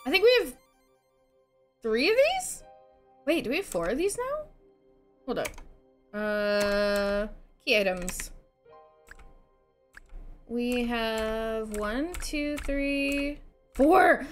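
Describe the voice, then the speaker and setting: A woman's voice: a little high, extremely slow, long pauses, soft background music. A woman live-streaming a video game, chatting casually, giggling and thanking her viewers. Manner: giggly, animated, talks to herself and thanks chat.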